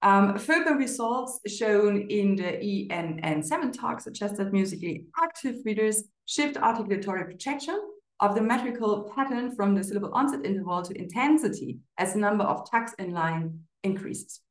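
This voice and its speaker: A woman giving an academic conference presentation of research results, measured and paused with frequent fillers. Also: medium pitch, lively intonation. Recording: roomy echo.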